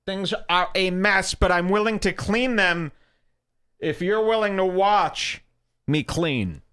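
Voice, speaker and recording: A man's voice: sits high, fairly even intonation, a little slow. A man hosting an internet radio show with rambling commentary, mocking and scolding as he goes, while nursing a headache. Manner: mocking, scolding rants, irreverent. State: has a headache.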